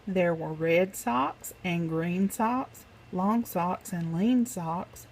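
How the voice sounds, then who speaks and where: A woman narrating a rhyming picture book in a slow, rhythmic, sing-song way. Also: fairly low pitch, darkish tone, slight background noise, poor audio. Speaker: storybook reader.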